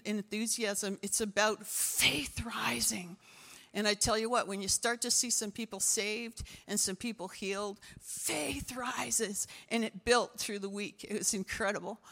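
Bright-voiced woman pastor preaching. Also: mid-range voice, big-room sound. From Canada. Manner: enthusiastic, storytelling, fillers like "you know". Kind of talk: sermon.

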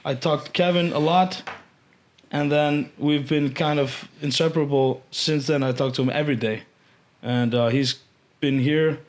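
Guest spot: Icelandic man, slightly high voice, animated storyteller who swears freely and voices the people he quotes. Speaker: podcast guest. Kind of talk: casual storytelling chat.

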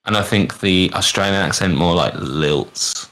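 A man's voice: deep voice, measured pace, a bit bright, a little hiss or hum. A man hosting a podcast in casual chat, joking, swearing freely and trying out accents. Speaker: podcast host.

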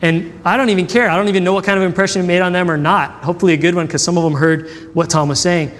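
A man's voice: high voice, fairly even intonation, very fast, fairly bright tone, in a large hall. A man preaching a sermon, telling personal stories in a conversational way and acting out the dialogue. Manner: conversational, acts out quoted dialogue. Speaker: pastor.

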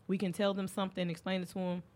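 A woman's voice: mid-range voice, quick pace. A young woman hosting a podcast, telling candid stories in casual chat and acting out the quoted lines. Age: young adult. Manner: candid storytelling, animated when acting out quotes. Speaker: podcast host.

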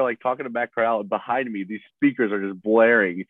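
A man's voice: medium pitch, quick pace, no room sound. A young adult man, a sports reporter, telling rambling stories full of fillers in a casual podcast chat. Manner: rambling, filler-heavy storytelling. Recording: tinny dry phone line.

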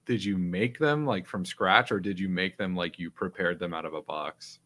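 A young man co-hosting a casual podcast, joking and teasing his friends. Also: moderate pace. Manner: jokey, mock newscaster bits, lively swings in pitch. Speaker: podcast co-host.

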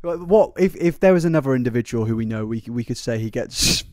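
A man's voice: mid-range voice, expressive, fast, a little mellow, no room sound, studio quality. A man co-hosting a casual podcast, riffing and laughing often as he swears through the banter. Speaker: podcast co-host.

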